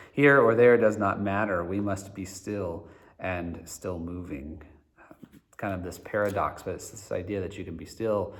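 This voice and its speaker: A man, a pastor leading a video book study in a relaxed, conversational way, with many fillers. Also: lowish voice. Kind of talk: casual video Bible study talk.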